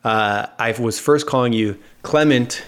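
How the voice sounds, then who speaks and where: An American man hosts a casual podcast interview, chatty and quick to joke. His voice sits on the low side. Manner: upbeat, joking, chatty. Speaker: podcast host.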